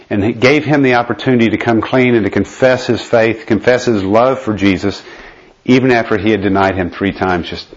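Lower-voiced man teaching a Bible study. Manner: explanatory, often checks in with listeners. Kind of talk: conversational Bible study lesson. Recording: dull lo-fi recording.

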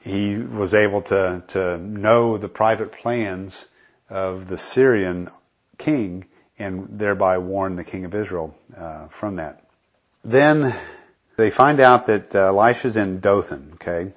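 A man's voice: deep voice, slow pace. A man teaching a Bible study, reading scripture aloud and explaining it in a casual, conversational way. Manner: frequent fillers and restarts, conversational. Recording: dull lo-fi recording.

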